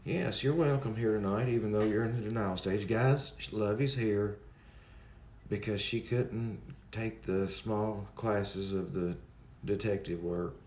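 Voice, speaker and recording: A man chats loosely with his livestream audience, wandering from point to point and greeting people by name. His voice sits a little low. The sound is roomy and echoey. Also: steady tone, measured pace, darkish tone, slight background noise. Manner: rambling, addresses chat by name. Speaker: livestream host. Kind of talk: casual chat with viewers.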